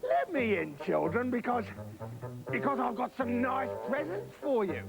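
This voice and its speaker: A man voicing a greedy, rude, boastful male wolf with a rough, scratchy voice, blustering and crude in a comic children's story. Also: extremely high pitch, huge pitch swings, unhurried, over music, voice pushed up, full character voice. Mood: sly coaxing. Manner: blustering and crude, muttering asides.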